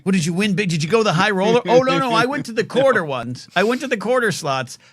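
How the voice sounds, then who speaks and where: A man's voice: high voice, big pitch swings, quick pace, no room sound. Rambling talk-show host man, dry close sound. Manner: rambling, playful, many fillers and restarts. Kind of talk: casual call-in show chat.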